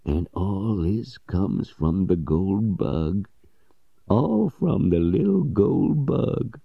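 A fearful old servant speaks in a very high, thin, pleading voice, dragging out his words. The sound is dry and close, a little dull and lo-fi. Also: big pitch swings, slow, vocal fry, dry recording, heavily acted. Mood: awed. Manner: pleading, awestruck. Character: frightened, bewildered old male servant.

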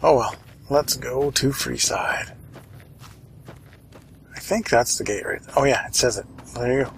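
A man's voice: medium pitch, a little slow, gravelly, slight background noise, poor audio. A man casually commenting on his own gameplay, wry and chatty, muttering to himself and swearing now and then. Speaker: let's play host.

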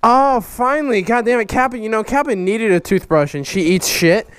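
A man in his twenties opening fan mail on his vlog, loud, hyper and goofy, jumping between high yelps and low growls. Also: normal speed, clean tone, no echo. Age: 20s. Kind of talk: casual vlog chat.

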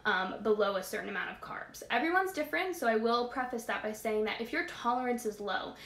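A woman's voice: a little high, animated, a little fast, fairly bright tone, reverberant. A young woman wellness coach answering viewer questions in a casual live Q&A, chatty and emphatic with many fillers.

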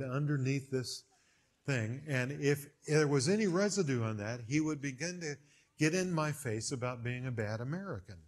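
A man preaching a sermon, telling stories with big swings in pitch and loudness. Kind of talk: sermon with storytelling.

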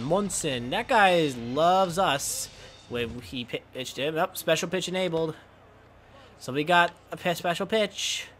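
A young man playing a baseball video game and calling the action play by play, breaking into shouts and laughter on big hits. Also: on the high side, slight background noise. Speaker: gameplay commentator.

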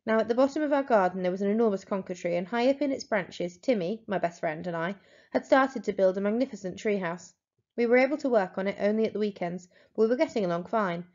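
A woman teacher reading a storybook aloud to pupils, telling it in an expressive, dramatic way. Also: mid-range voice, fast. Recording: dull lo-fi recording.

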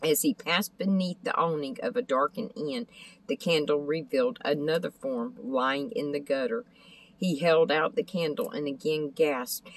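A woman's voice: deep voice, normal speed, rough recording. Woman reading a storybook aloud. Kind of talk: scripted narration of a children's book.

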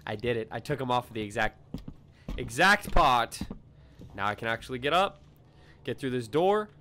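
A young man giving casual gameplay commentary, excitable and swearing a lot as he shouts at the game. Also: mid-range voice, moderate pace, a little hiss or hum. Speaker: gaming video creator.

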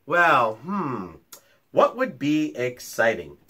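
Lively man reading a story to children. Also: mid-range voice, takes it slowly, husky. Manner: animated, chatty asides to young children. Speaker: teacher reading a picture book to children. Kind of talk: storytime read-aloud.

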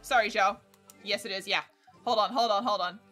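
A woman's voice: mid-range voice, steady tone, fairly quick, a bit bright, faint music behind. A woman livestreaming a game in casual chat, scattered and swearing as she talks to herself and to the game.

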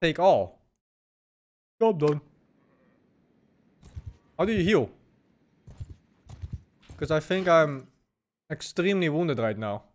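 A man streaming a game, reacting in excited and sweary outbursts as he plays. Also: on the high side, slow, long pauses. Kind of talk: live gameplay commentary.

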